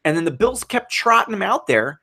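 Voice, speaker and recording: A man with a slightly higher voice chats about football on a podcast. He talks in an excitable, animated way and breaks into laughs often. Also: brisk. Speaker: sports podcast co-host. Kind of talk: casual football talk.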